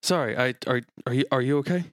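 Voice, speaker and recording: Casting: anxious blunt husband, man playing him, gravelly voice, dry. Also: medium pitch, fast, dry recording, natural voice. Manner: rambling, swears freely. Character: worried husband, blunt and swearing.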